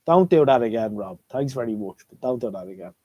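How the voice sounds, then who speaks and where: Chatty Irish man with a mellow voice. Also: medium pitch, lively intonation, fairly quick, highs cut off. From Ireland. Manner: chatty, repeats himself, rambling. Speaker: live stream host. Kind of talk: casual live stream chat.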